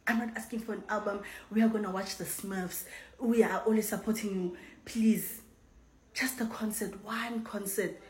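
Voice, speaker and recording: A woman with a South African accent, reacting in a vlog with excited exclamations, swearing and repeated, earnest pleading. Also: medium pitch, normal speed, low-quality recording. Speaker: reaction vlogger. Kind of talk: emotional reaction and pleading to camera.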